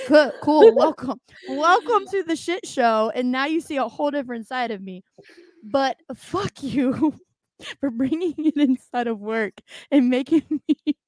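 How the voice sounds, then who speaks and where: A young woman co-hosting a casual podcast speaks bluntly in a fairly high, expressive voice, swearing freely and laughing often between stories. She talks a little slowly, and the sound is dry and close with no echo.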